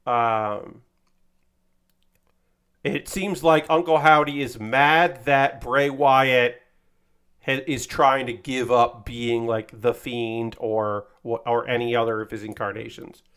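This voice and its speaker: A man's voice: medium pitch, a bit bright. A man streaming, casually chatting while he builds a model kit, rambling with lots of fillers and a bit of swearing.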